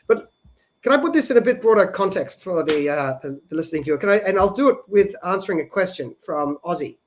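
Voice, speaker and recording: Aussie guy on a policy podcast, fairly high voice, explaining tax stuff casually, keeps saying "right?". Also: lively intonation, quick pace, slight background noise. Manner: explanatory, frequent "right?" tag questions. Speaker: podcast co-host.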